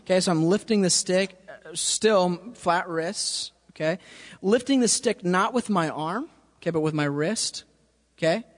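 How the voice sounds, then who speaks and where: A man's voice: high-pitched, a little slow, faint music behind. Casual man teaching a drum lesson. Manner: casual, checks understanding with frequent "okay?". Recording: reverberant room with drums playing.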